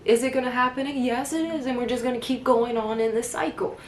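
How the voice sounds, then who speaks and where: A woman talking directly to viewers, giving earnest faith-based advice on healing, with lively asides. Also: fairly high pitch, brisk, reverberant, a little hiss or hum. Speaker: life advice vlogger. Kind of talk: casual faith-based self-help talk.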